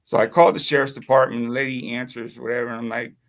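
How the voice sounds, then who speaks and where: Gravelly man telling a rambling story. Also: medium pitch, level tone, fast talker, fairly bright tone. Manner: profane, rambling, keeps asking "you know what I mean?". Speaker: YouTube channel host. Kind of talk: casual spoken storytelling.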